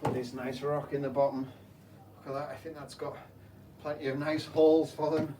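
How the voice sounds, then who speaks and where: As he cleans a school tank, an aquarium technician playfully explains his work to kids, chatty and full of rhetorical questions. His voice is on the high side with little pitch movement and a moderate pace, recorded through a slightly distant mic with a faint hum.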